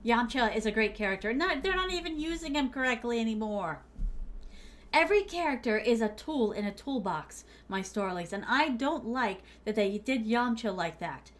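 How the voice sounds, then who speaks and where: High-voiced, animated woman streamer. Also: moderate pace. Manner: animated, rambling storyteller, laughs often. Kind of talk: casual game-stream chatter.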